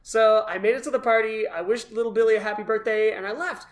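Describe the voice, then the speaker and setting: A man as the guest, telling his story in an animated, self-deprecating way and acting out his own past thoughts. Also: high voice, fast. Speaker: guest, costumed charity volunteer. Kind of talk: casual storytelling in a conversation.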